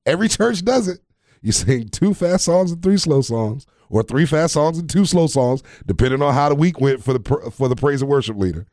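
A man's voice: medium pitch, a little mellow, dry recording, studio quality. A man hosting a casual faith podcast, preaching in repeated phrases and chuckling at his own jokes.

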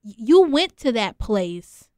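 An earnest woman guest on a talk show, explaining her practice in a casual, repetitive way and acting out little quotes. Her voice is smooth and clear. The sound is dry and close. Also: on the high side, very animated, takes it slowly, a little mellow, no room sound. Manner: earnest, repeats herself, acts out quotes.

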